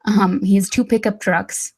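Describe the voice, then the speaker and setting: A woman from the United States chatting casually as a guest, unhurried and full of fillers. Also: mid-range voice, fairly even intonation, darkish tone, husky. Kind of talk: casual chat.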